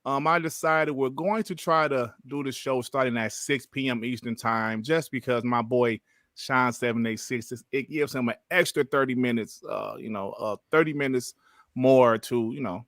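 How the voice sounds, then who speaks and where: A man's voice: mid-range voice, moderate pace, fairly bright tone, no room sound, studio quality. A man hosting a casual gaming podcast, talking in slang, filling with "you know" and laughing often. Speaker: podcast host.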